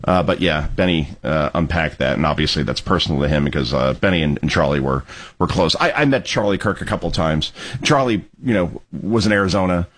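A middle-aged man hosting a commentary show, sarcastic and mocking, who bursts into yelling. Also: rumbling low, a little fast. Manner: animated, mocking, yells in bursts. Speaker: host. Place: studio in New Jersey.

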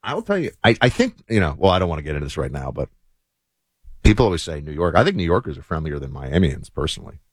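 A man's voice: very deep voice, sing-song, fast talker, breathy edge, no room sound, clean studio sound. A man hosting a talk show, chatting casually with many fillers. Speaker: show host. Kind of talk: casual political commentary.

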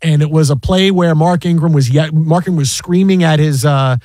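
Man host, casual storytelling; quick, exasperated, fairly high voice, dry sound. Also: dry recording. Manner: animated, exasperated retelling with many restarts.

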